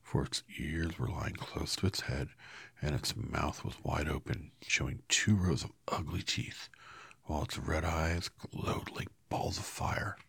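Man, deep creaky storybook reader, soft and hushed, dry close sound. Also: a little slow, no room sound. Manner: soft, half-whispered, apologizes for slips. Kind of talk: quiet storybook read-aloud.

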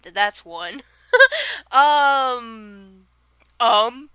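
A woman's voice: medium pitch, slow, pushed and bright, clean tone, dry recording. A young woman with a Southern accent chatting casually on a vlog, rambling with lots of fillers and frequent giggles. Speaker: vlogger answering question tag. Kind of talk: casual chat.

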